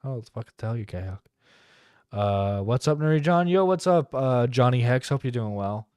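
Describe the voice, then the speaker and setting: A man's voice: medium pitch, lively intonation, normal speed, darkish tone, smooth, no echo. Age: adult. Sex: man. Role: internet radio host. Style: casual live-stream commentary, profane and rambling, dry close mic.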